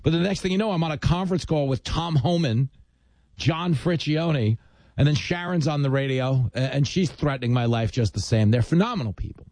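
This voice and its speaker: A man's voice: mid-range voice, moderate pace, dry recording. Joking male radio talk host, dry sound. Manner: self-deprecating, animated joking. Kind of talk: casual radio chat and storytelling.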